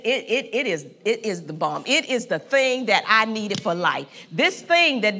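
Fervent high-voiced woman preaching. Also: sharp tone. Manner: fervent, emphatic preaching with repetition and call-and-response. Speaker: pastor. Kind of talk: sermon.

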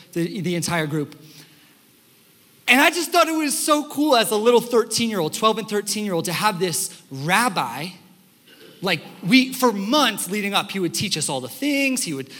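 Animated young male pastor in a reverberant hall. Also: high voice. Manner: animated storytelling, acts out quotes. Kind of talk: sermon. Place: church sanctuary.

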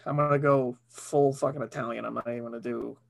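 A man's voice: mid-range voice, fairly even intonation, quick pace, vocal fry. A man who works as a voice actor, talking casually as a podcast guest in a rambling, filler-heavy way.

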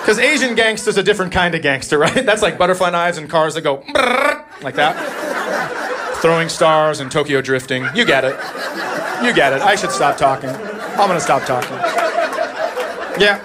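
A man's voice: fairly high pitch, moderate pace, heavy background noise. A man performing a stand-up comedy routine on stage, telling a story and slipping into character voices. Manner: animated storyteller who slips into character voices. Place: comedy club stage before a live audience. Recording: live club set with crowd laughter.

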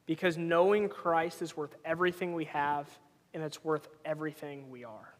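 High-voiced man preaching in a reverberant hall. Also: fairly even intonation, normal speed. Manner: conversational, storytelling with personal anecdotes. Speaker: pastor. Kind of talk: sermon.

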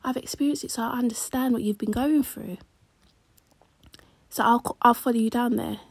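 A woman voicing an overeager young woman friend who is quick and insistent and repeats herself. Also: a little high, steady tone, husky, no echo, pitched above the performer's own voice. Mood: eager.

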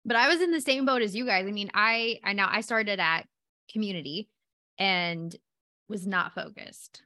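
A young adult woman, hosting a casual podcast chat and telling stories in a chatty, animated way. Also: medium pitch, normal speed, no echo, clean studio sound. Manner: chatty, animated storytelling with laughs. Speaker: podcast host.

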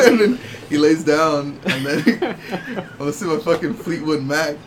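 A man's voice: on the high side, moderate pace, noisy background. A man casually telling a personal story to friends, laughing often and swearing freely. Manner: laughing, profane, animated storyteller.

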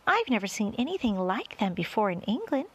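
A woman's voice: fairly high pitch, very animated, fairly quick, slightly rough, rough recording. A woman voicing a kindly female ladybug in a storybook reading, exclaiming in wonder. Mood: amazed.

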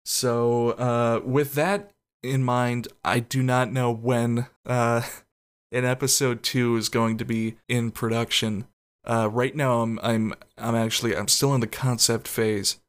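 A man's voice: medium pitch, level tone, takes it slowly, clear, resonant tone. Man, podcast host, casual solo chat, rambling, swears a lot, laughs at himself. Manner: rambling, profane, with frequent self-conscious laughs.

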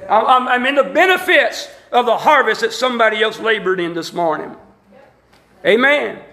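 A man from Alabama preaching with a strong Southern accent, his voice very high for a man and bright, nearly sharp. He keeps calling out to the congregation for answers, swinging from emphatic rising lines to folksy asides. The sound is roomy and echoey, as in a church sanctuary. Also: lively intonation, moderate pace. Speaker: pastor. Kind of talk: sermon.

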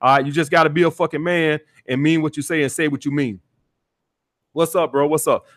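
A man's voice: on the high side, fairly even intonation, a little fast, a bit bright. A man hosting a call-in dating podcast, giving blunt, profane advice in a preachy way and often saying "all right.". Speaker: podcast host, dating coach.

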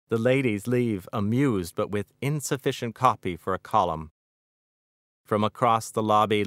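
A middle-aged man, the author, reading his own novel aloud in a measured, wry narration. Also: lowish voice, fairly bright tone, no room sound, studio quality.

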